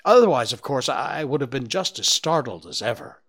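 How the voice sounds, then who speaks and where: A gentle young deer from a storybook, polite and a little hesitant, stumbling over his words. A man reads him aloud in a lively voice that rises and falls. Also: medium pitch, brisk, husky, pitched above the performer's own voice.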